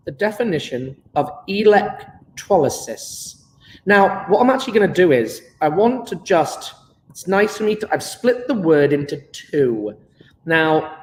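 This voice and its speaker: Chatty high-voiced male chemistry teacher. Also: reverberant, big-room sound, low-quality recording. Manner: chatty, repeats key words slowly for note-taking. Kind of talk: live online lesson.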